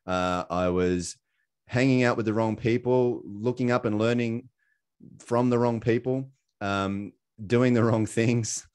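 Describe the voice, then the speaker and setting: A man's voice: mid-range voice, fairly even intonation, measured pace, darkish tone, clean tone. A man with an Australian accent giving a casual, chatty presentation over a video call, with many fillers and little self-deprecating laughs. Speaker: presenter sharing his story.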